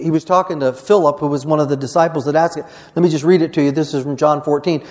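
A man's voice: a little high, fast, darkish tone. A man preaching a sermon as pastor, conversational and earnest, often restarting phrases and voicing quoted speech.

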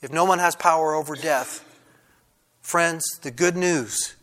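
A male pastor delivers a sermon in a bright, forceful voice pitched a little high. He often stumbles and restarts his phrases. At times he climbs into loud, fervent preaching. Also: a little slow. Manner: preaching with many restarts, rising to loud fervor.

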